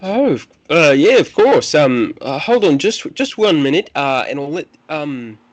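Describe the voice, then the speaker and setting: A man's voice: fairly high pitch, sing-song, measured pace, pitched above the performer's own voice. Man doing a flustered Irish temple attendant. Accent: put-on Irish. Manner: flustered, stammering, overly polite. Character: nervous fussy male temple attendant.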